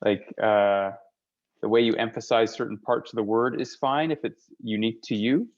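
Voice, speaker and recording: A man's voice: on the low side, steady tone, moderate pace, lo-fi sound. A man in a course asking a question, hesitant and searching for words. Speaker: course participant.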